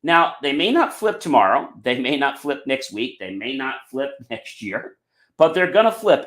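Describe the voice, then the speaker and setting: Animated motivational male podcaster, roomy sound. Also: medium pitch, moderate pace. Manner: emphatic, repeats "okay" and "ladies and gentlemen". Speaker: podcast host. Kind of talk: motivational talk. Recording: roomy echo.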